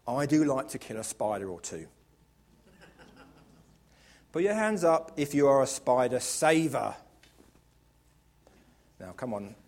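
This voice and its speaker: A man preaching a lively sermon in church, joking playfully and moving between hushed asides and loud, emphatic calls to the congregation. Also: mid-range voice, slow, pauses often. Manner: playful, jokey and expressive, swinging from hushed to loud.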